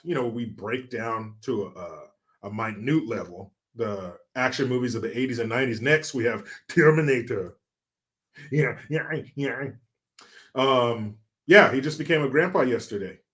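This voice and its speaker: A man's voice: mid-range voice, moderate pace, a bit bright. A man from California hosting a casual livestream, reading out viewer comments in a joking, chatty, profane way and laughing along. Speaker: livestream host.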